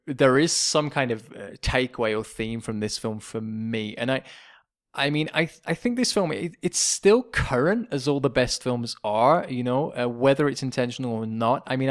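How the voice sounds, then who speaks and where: An English man co-hosting a podcast, chatting casually, laughing often and quoting lines in comic voices. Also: medium pitch. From England. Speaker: podcast co-host. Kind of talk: casual chat.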